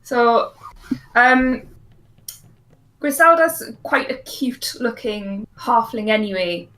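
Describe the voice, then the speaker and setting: A woman's voice: fairly high pitch, lively intonation, slow, fairly bright tone, a little hiss or hum, rough recording. A woman playing a tabletop game, hesitant, with many ums. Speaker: player.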